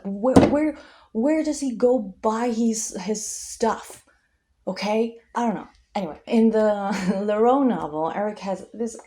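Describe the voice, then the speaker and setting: Chatty young woman rambling on camera, kinda low mellow voice, lots of ums. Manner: chatty, tangent-prone, many fillers. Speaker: vlogger. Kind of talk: casual rambling book talk.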